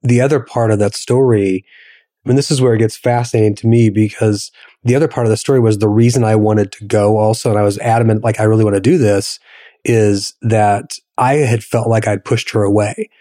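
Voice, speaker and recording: A man's voice: lowish voice, steady tone, brisk, warm tone, no room sound, clean studio sound. A man co-hosting a podcast, talking reflectively and often restarting his sentences. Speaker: podcast co-host. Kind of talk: reflective conversation.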